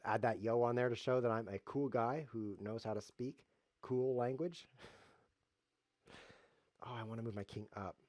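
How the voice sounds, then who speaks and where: A man's voice: mid-range voice, steady tone, normal speed, long pauses, darkish tone, no echo. A man casually commenting on his own chess game on a live stream, joking, teasing himself and wandering off on playful tangents. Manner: jokey, self-mocking, playful tangents.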